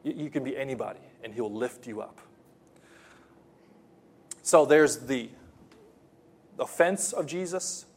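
A male pastor delivers a sermon with a husky, slightly breathy voice. He hammers phrases through repetition, dropping to near-quiet lines and then climbing to forceful, raised declarations. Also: medium pitch, animated, a little slow, long pauses. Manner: impassioned preaching, swings from soft to loud; repeats phrases for emphasis, with restarts.

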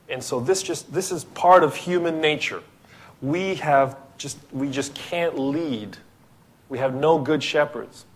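A man from the Philippines delivers a sermon. He preaches at an unhurried pace with a somewhat raised pitch, stressing his points and putting questions to the congregation. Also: husky. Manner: emphatic, asks rhetorical questions. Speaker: pastor.

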